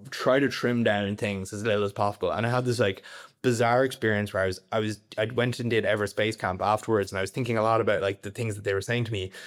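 Fast-talking young Irish man. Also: on the low side. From Ireland. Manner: rambling, heavy filler words. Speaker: guest. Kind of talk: casual conversation.

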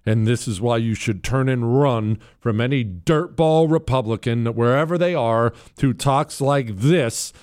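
A man's voice: medium pitch, a little slow, hardly any pauses, a little mellow. A man hosting a talk show, giving sarcastic, ranting commentary. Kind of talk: opinionated commentary.

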